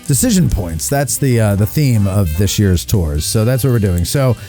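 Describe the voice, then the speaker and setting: A male host talks in loose, joking chat, his voice mellow and warm. He leans on fillers as he goes. A faint guitar plays behind him. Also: fairly low pitch, expressive, normal speed. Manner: joking, chatty, many fillers. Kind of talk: casual live show chat.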